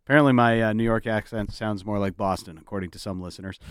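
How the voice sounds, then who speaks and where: Man, sports radio host, casual studio banter, quick laughs, dry studio sound. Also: fairly low pitch, fairly even intonation, smooth, no room sound. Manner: jokey, laughs often, brisk sign-off delivery.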